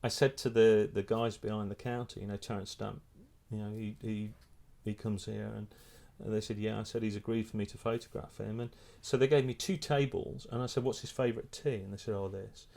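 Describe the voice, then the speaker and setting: A middle-aged man, a photographer and filmmaker, telling a lively anecdote in a casual interview, restarting his sentences often. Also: on the low side, fairly quick, creaky, few pauses. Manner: animated storyteller, many restarts.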